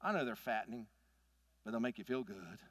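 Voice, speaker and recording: A man, preaching a sermon in an animated, folksy storytelling manner. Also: fairly low pitch, brisk, dry recording. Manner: animated, folksy storytelling with big swings in loudness. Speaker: pastor.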